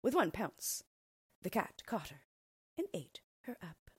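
A woman reading a fairy tale aloud in an expressive storybook style. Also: mid-range voice, slow pace, breathy edge, no room sound, clean studio sound.

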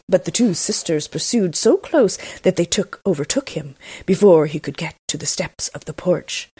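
A woman reading a fairy tale aloud, steady, with small slips. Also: on the low side, slightly rough, no room sound. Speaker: storyteller.

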